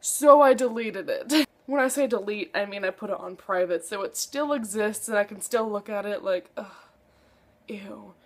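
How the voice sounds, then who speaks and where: A woman's voice: mid-range voice, normal speed. A young woman book vlogger chatting casually to camera, gushing and dramatic, with lots of "like".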